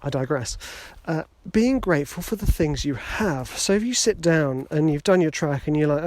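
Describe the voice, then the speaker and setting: A middle-aged man with a fairly high voice records a casual podcast into a handheld phone as he walks outdoors. He talks in a chatty, encouraging way and drops joking, self-deprecating asides. The sound is close and dry. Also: animated, normal speed, darkish tone, no echo. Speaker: podcast host. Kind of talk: casual motivational podcast talk. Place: outdoors, walking in a wood. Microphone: phone held in hand.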